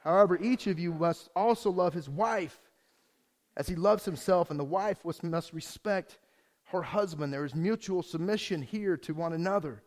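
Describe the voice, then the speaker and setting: Lively high-voiced male pastor preaching. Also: moderate pace. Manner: lively, joking and animated preaching with laughs. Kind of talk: sermon.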